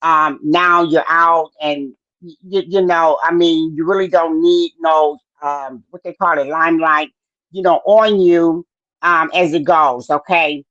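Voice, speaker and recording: A chatty woman hosts a live-stream podcast, rambling with plenty of fillers and stopping to greet viewers by name. Her voice sits a little low, and the sound is dry and dull, like a cheap lo-fi mic. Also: fairly even intonation, a little slow, fairly bright tone, no echo. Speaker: podcast host. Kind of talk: casual live-stream chat.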